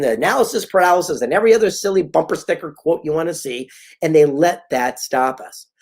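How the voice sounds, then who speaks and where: Middle-aged male motivational speaker, husky, very animated delivery, storyteller. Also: a little high. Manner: animated storyteller, acts out quoted dialogue. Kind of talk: motivational talk.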